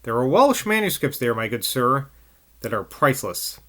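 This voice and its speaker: A man's voice: medium pitch, big pitch swings, normal speed, fairly bright tone. A man voicing an intense, humorless scholarly man who talks emphatically, in a novel reading. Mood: excited. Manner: emphatic, breaks into eager outbursts.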